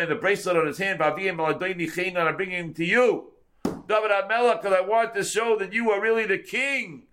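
A man's voice: fairly high pitch, fairly bright tone. A man teaching a Torah class as a rabbi, translating verse by verse and repeating words for emphasis.

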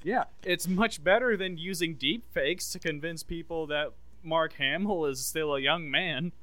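Guy on a podcast, bright clear voice, rambly and excited. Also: unhurried, no echo. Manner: rambling, enthusiastic, pitches fan ideas. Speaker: podcast co-host. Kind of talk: casual chat.

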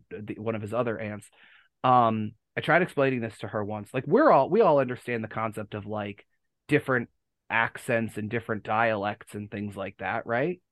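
An American man hosts a casual fan podcast, rambling, correcting himself and using lots of fillers. His mid-range voice has a fairly bright tone, and the recording is dry.

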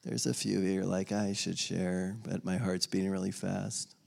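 A man leading a church sharing time, relaxed and encouraging, quoting scripture and calling on the next speaker. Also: sits low, moderate pace, gravelly. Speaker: group leader.

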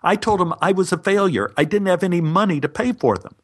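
A man's voice: high voice, lively intonation, a little fast. A man narrating a personal story for a podcast with dry, wry humor.

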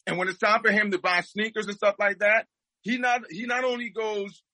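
High bright-voiced guy ranting about politics, hammers his points over and over. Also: steady tone, normal speed, dry recording, poor audio. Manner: fervent, repeats points for emphasis. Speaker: guest. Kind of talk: impassioned political commentary.

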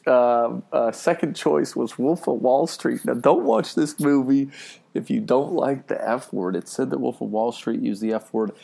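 A man hosting and chatting casually between clips in a relaxed way. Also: mid-range voice, creaky. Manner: relaxed, chatty, with frequent fillers. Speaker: host. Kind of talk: casual commentary.

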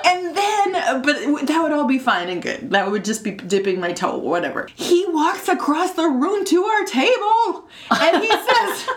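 A woman in her thirties casually telling a personal story, animated and laughing often, her voice jumping high when excited. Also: unhurried. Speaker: storyteller guest.

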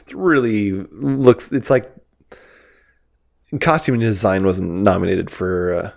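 Low-voiced man chatting about a film. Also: steady tone, takes it slowly, creaky, darkish tone. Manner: laughs easily, reads from notes. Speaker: podcast co-host. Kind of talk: casual film chat.

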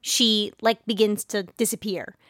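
A woman co-hosting a podcast in casual comedic chat, quick and questioning as she builds on the jokes. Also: mid-range voice, fairly even intonation, fairly bright tone, no echo, studio quality. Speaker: podcast co-host.

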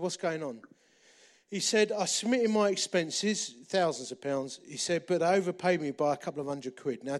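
A middle-aged man preaching a sermon, repeating phrases for emphasis and moving between loud and hushed delivery. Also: on the high side. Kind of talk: sermon with storytelling.

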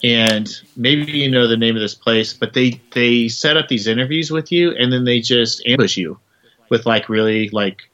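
A man's voice: mid-range voice, moderate pace, fairly bright tone, dull audio. A man, a musician guest in a casual interview, rambling through stories with lots of filler words.

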